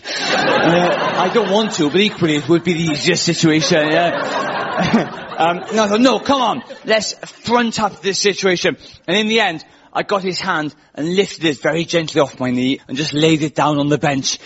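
A man's voice: a little high, normal speed, a bit bright. A man from Wales hosting a comedy show, telling stories in a self-mocking, wry, chatty way before a live audience. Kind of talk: stand-up storytelling. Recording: muffled live audience recording with noise.

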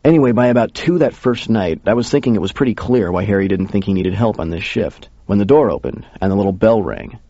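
A man's voice: on the low side, fast, hardly any pauses, warm tone, no echo. A man narrating a first-person story in a casual, conversational way. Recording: dull lo-fi recording.

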